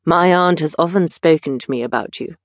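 A woman voicing a witty, languid aristocratic gentleman with a drawling, teasing manner. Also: low voice, fairly quick, no room sound, studio quality. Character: languid witty older aristocrat, mildly mocking.

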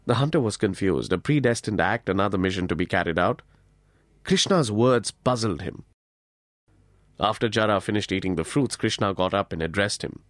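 A man narrates a novel in an audiobook with expressive, dramatic storytelling. His voice is fairly low, and he slows down and speeds up for effect. The studio sound is dry and close, with no room echo. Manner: expressive storytelling, varied pace. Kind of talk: scripted narration.

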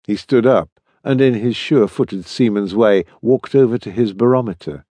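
A man narrating historical fiction as an audiobook, expressive and varied in his storytelling. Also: lowish voice, moderate pace, dry recording.

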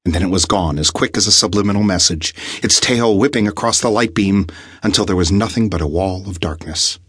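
Deep, husky audiobook narrator. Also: male voice, a little fast, a bit bright, dry recording, studio quality. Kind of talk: scripted narration.

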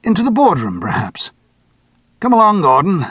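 A man voicing a courteous bank chairman in his fifties who gives orders with gentle politeness. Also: high-pitched, huge pitch swings, normal speed, breathy edge, no echo, voice pushed up, exaggerated voice. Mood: concerned. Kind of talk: audiobook character voice.

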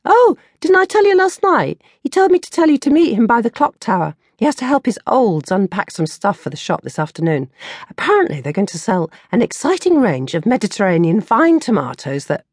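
Brief: high, lively, vague teenage girl, rambling and literal, read by a woman. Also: a little fast, dry recording, studio quality. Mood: chatty. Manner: vague, plodding and literal-minded. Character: dreamy, rambling teenage schoolgirl best friend.

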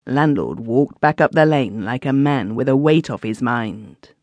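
A woman's voice: rumbling low, lively intonation, a little slow, a little mellow, no echo, dull audio. A woman narrating a classic story in the first person as a villager, recorded on a close studio mic. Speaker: audiobook narrator.

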